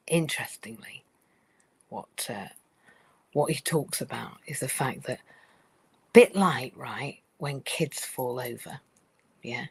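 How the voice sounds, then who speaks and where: A woman's voice: a bass voice, slow pace, long pauses, breathy edge, no echo, rough recording. Woman telling a story, dry close sound. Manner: storytelling, often acts out other people's worried voices; conversational, with fillers and asides to listeners. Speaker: speaker on change in organisations. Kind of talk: live-streamed talk.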